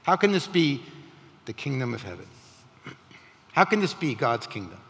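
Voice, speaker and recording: Male pastor, sermon, conversational, lively pitch, reverberant hall. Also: normal speed. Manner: conversational, animated preaching with rising emphatic questions.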